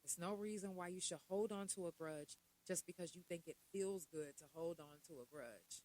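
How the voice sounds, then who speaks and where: A middle-aged woman with a lowish, dark voice talks directly to her podcast listeners at a moderate pace, keeping it loose and conversational with rhetorical questions and asides. The recording is rough.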